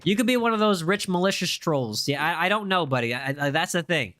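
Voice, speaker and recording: Bright-voiced young streamer, playful. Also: male voice, high-pitched, expressive, fairly quick. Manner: playful, defensive banter with chat. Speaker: livestream host. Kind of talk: casual livestream chat.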